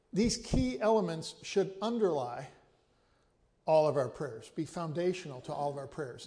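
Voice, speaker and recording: In a large hall, a pastor with a high-pitched, darkish voice preaches a sermon. He teaches carefully and in a measured way, often restarting or repeating a word before he continues.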